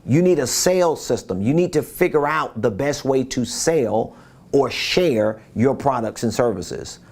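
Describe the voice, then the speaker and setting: A man's voice: mid-range voice, expressive, unhurried, a little mellow. A man giving a business coaching talk, emphatic and repeating his key points, who acts out quotes in different voices.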